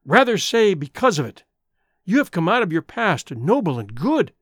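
A male narrator plays an idealistic young man with lofty, romantic notions, speaking earnestly. The voice sits fairly high with a lively lilt, and the storybook reading sounds dry and close. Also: moderate pace, no echo, heavily acted. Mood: impassioned. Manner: earnest, impassioned.

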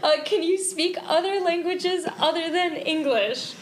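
A young adult woman co-hosting a podcast, chatting in an expressive, exclamatory way and swearing casually. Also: extremely high pitch, unhurried. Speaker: podcast co-host. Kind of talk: casual chat.

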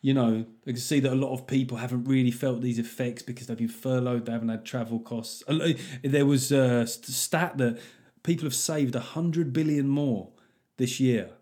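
A man's voice: mid-range voice, moderate pace. A man with a British accent hosting a comedy podcast, reading listener letters in a jokey, sweary, casual way. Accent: British English. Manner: sweary, jokey, animated, laughs often. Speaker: podcast host.

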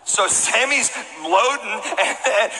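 A man delivers a storytelling sermon to a church crowd, animated and comic, now and then shouting for effect. His voice is bright and slightly high. Faint room noise sits underneath. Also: slow pace, long reverb tail, low-quality recording. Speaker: pastor. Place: church auditorium with congregation.

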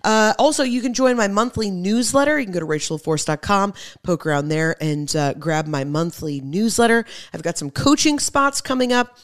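A woman's voice: medium pitch, normal speed, few pauses. A young woman hosting her own podcast in a casual, emphatic monologue, speaking to her listeners as friends. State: pregnant. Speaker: podcast host.

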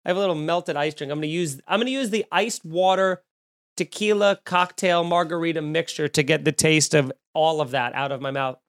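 A man's voice: fairly high pitch, a little fast. A man hosting a podcast, ranting with jokes and swearing in casual chat. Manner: animated, profane, joking rants. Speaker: podcast host. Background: eating and drinking at the mic.

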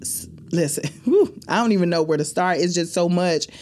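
A woman hosting a faith-based podcast, speaking in an emotional, expressive and preachy way. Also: lowish voice, brisk. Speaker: podcast host.

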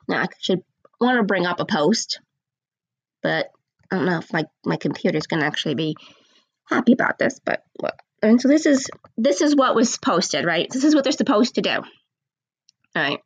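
Blunt sarcastic woman ranting, lively pitch. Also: breathy edge, no room sound. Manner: slows down to stress points. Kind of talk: opinion rant to camera.

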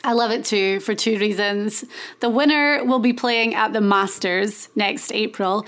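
A woman's voice: medium pitch, a little slow, a bit bright. A woman with a Scottish accent co-hosting a casual golf preview chat, upbeat and confident. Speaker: golf show co-host.

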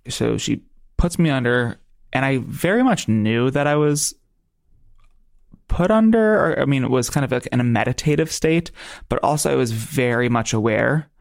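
A man calmly recounting his experience in measured talk, hedging with "um". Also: medium pitch, creaky, dry recording, studio quality. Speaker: guest. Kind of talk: casual recounting.

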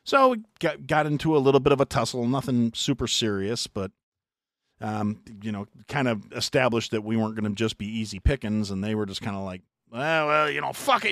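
A middle-aged American man hosting a podcast, telling a long story in a profane, animated way with mock voices. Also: mid-range voice, fairly quick, dry recording, studio quality. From United States. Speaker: podcast host. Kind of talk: casual storytelling chat.

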